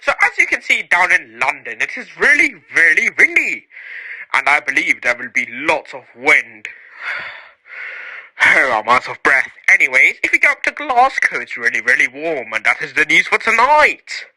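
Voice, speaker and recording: A man's voice: a little high, very animated, normal speed, sharp tone, pitched below the performer's own voice, full character voice, poor audio. A man playing a rambling celebrity weather reporter who talks in a breathless, winded way. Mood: excited. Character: mock celebrity weather reporter, male adult.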